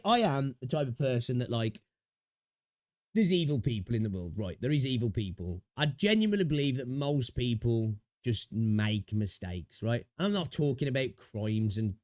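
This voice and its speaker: A man's voice: mid-range voice, dry recording, clean studio sound. A young British man hosting a gaming livestream, rambling and chatting with viewers, swearing freely. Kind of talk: casual livestream chat.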